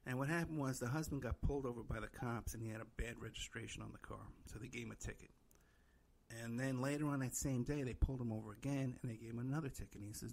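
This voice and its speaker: Middle-aged guy rambling through a story, lots of "you know", gravelly and a bit husky. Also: medium pitch, quick pace. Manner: rambling, many "you know" fillers, acts out quoted voices. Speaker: podcast host. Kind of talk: casual storytelling.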